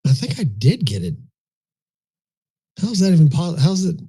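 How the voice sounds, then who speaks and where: A man's voice: a little high, sing-song, moderate pace, warm tone, husky. A man with a Southern US accent co-hosting a live audio chat, joking and rambling bluntly. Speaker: co-host of a live audio room. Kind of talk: casual chat.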